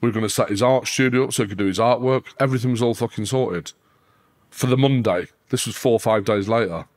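A man, a guest on a podcast, telling his side of a story with a mid-pitched voice. He curses through almost every sentence and shoots up in pitch whenever he gets heated. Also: fast talker. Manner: sweary, animated, pitch leaps up when worked up. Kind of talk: casual storytelling interview.

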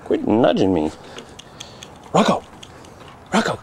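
A man's voice: mid-range voice, huge pitch swings, slow pace. A man filming his dogs in his backyard on a handheld camcorder, teasing them and egging them on in casual home-video chatter. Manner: playful, eggs the dogs on with teasing shouts. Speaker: dog owner filming his pets. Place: backyard outdoors. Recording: noisy home camcorder audio. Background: dogs playing.

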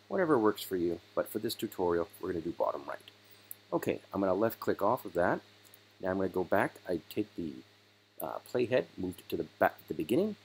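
Gravelly low-voiced man explaining software. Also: poor audio. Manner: casual step-by-step explaining. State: hoarse, losing his voice. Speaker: software tutorial host. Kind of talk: screen-recorded software tutorial.

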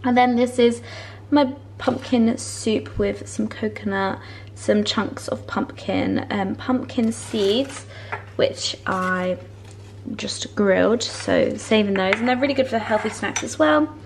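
A young lifestyle vlogger, out of breath, chats slowly in a slightly high voice from her flat, with a little hiss or hum in the audio. She's bubbly and gushing, laughing often as she talks.

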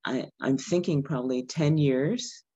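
A woman's voice: rumbling low, a little slow, mellow, breathy edge, muffled recording. A woman sharing a testimony on a video call, hesitant and full of fillers. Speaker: church member sharing a testimony.

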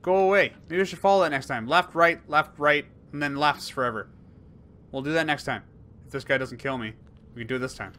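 A man's voice: mid-range voice, fairly quick, sharp tone. A young man commenting on his gameplay, thinking aloud and trailing off mid-sentence. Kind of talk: let's play commentary.

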